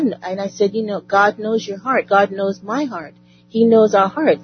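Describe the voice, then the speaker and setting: Woman, church testimony, heartfelt, rambling, devout, mid pitch, muffled call audio, faint music. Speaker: church member giving a testimony. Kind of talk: spoken testimony at an online prayer service.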